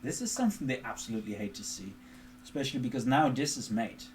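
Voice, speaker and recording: A man's voice: mid-range voice, sing-song, fast, slight background noise. A man streaming chess, thinking aloud as he explains positions and moves, with dry self-mocking asides. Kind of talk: live chess commentary. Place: home streaming setup.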